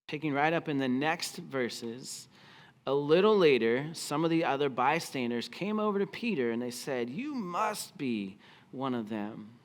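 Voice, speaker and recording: A man's voice: medium pitch, lively intonation, unhurried. A man preaching a sermon as pastor, telling the story expressively and acting out the quoted lines. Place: church auditorium.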